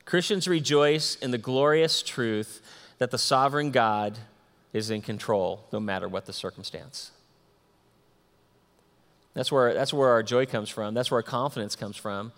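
A man preaching a sermon, reading scripture aloud and swinging between excited outbursts and soft, hushed asides. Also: mid-range voice, a little slow. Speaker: pastor. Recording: long hall reverb.

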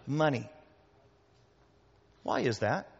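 Pastor preaching in an echoey hall. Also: male voice, medium pitch, sing-song, slow pace, creaky, breathy edge. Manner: conversational, repeats words, talks to the congregation. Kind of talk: sermon. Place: church hall before a congregation. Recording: echoey hall, dull lo-fi sound.

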